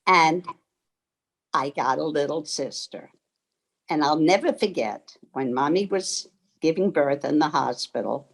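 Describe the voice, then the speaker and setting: An older woman from Germany telling her life story in a slow, reflective, heartfelt way over a video call. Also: low-pitched, husky, poor audio. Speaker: interviewee. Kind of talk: personal storytelling.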